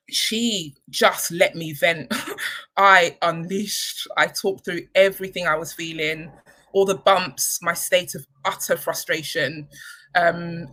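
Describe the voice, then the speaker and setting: A woman, a charity leader, giving a candid, reflective personal talk with frequent pauses and ums. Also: on the low side, pushed and bright, rough recording. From United Kingdom. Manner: candid and reflective, many ums, emotional at times. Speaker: charity chief executive.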